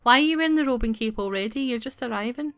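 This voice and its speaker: A woman's voice: fairly high pitch, fast talker, a bit bright, clear, resonant tone, no echo. Playful woman reading a game aloud. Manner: playful, giggly, sarcastic asides. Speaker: gaming YouTuber.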